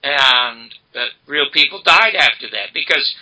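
An older man, a guest in an interview, retelling a story emphatically and dramatically in a gravelly, husky voice. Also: medium pitch, animated, measured pace, pushed and bright, rough recording. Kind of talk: animated storytelling.

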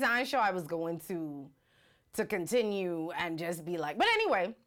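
A woman hosting a casual livestream, talking animatedly and reading out viewer comments. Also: mid-range voice. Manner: animated, rhetorical, reads viewer comments aloud. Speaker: livestream host. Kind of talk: casual live-stream commentary.

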